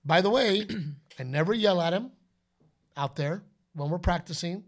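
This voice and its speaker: A man's voice: high voice, a little slow. A man co-hosting a podcast, talking casually and animatedly about being a father, often slipping into playful voices. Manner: animated storyteller, slips into playful announcer shouts. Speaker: podcast co-host.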